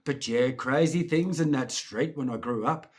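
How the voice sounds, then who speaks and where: A middle-aged Scottish man telling childhood stories in a casual, lively way, acting out voices and swearing now and then. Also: mid-range voice, moderate pace, breathy edge. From Scotland. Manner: lively, laughing, swears, acts out voices and sounds. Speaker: storyteller. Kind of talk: casual anecdotal storytelling.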